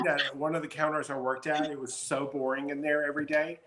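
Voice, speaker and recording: A man's voice: a little high, little pitch movement, fast, over a noisy crowd. A man from the American South with a Southern accent, a guest chatting playfully and jokingly on a video call. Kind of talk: casual chat.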